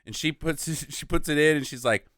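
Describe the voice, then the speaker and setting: A woman's voice: deep voice, moderate pace, a bit bright, dry recording, studio quality. A woman co-hosting a podcast, chatting casually about a bad movie, laughing often and acting out quotes. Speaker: podcast co-host. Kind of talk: casual movie-riffing chat.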